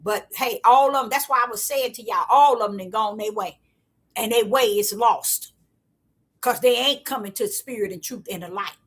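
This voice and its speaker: A woman giving a casual, repetitive spiritual talk to her viewers in a preachy, excitable way. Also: on the high side, moderate pace, husky. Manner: preachy, repetitive, excitable, African American Vernacular English. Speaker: online preacher.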